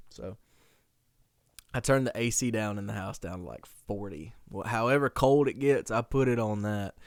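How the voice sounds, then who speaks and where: Young man, podcast host, casual storytelling, slangy, smooth voice, dry sound. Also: on the low side, normal speed, dry recording. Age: young adult. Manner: animated, slangy, laughs often.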